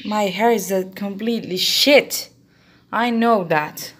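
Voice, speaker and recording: A woman's voice: mid-range voice, takes it slowly, a bit bright. A young woman with a Brazilian accent, a native Portuguese speaker, vlogging casually and coaxing her pets with affectionate baby talk.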